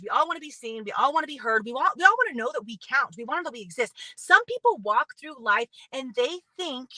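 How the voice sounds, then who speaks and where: A young woman talks to her viewers in a chatty, upbeat motivational style. Her voice sits high and sounds bright, recorded dry and close. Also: dry recording, poor audio. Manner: chatty, upbeat, lots of "right?" and "you guys". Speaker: motivational speaker. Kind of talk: casual motivational talk to viewers.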